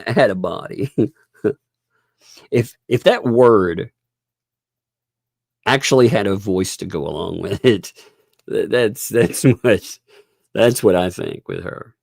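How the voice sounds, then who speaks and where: A man's voice: lowish voice, slow pace, creaky, pauses often, a little mellow, dry recording, clean studio sound. A man giving live-stream commentary, ranting and laughing as he mocks other streamers. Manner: laughing, mocking, exasperated rants.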